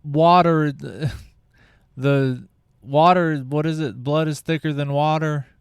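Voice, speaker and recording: Slow-talking sarcastic male podcast host. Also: a little high, fairly even intonation, clean tone, no echo, studio quality. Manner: sarcastic, rambling, swears. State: out of breath. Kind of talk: casual comedic monologue.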